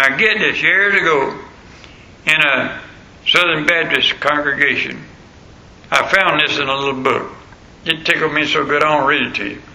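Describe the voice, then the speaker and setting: A man's voice: a little high, gravelly, bright, forceful tone, a little hiss or hum. A man preaching a sermon as pastor, emphatic, repeating phrases for stress. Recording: roomy echo.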